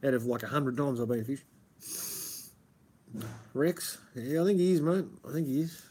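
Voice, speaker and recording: This is an Australian man with a rough, husky voice at an ordinary pitch. He chats casually and rambles from one thought to the next. He swears freely and keeps calling people mate. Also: moderate pace, warm tone. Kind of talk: casual chat.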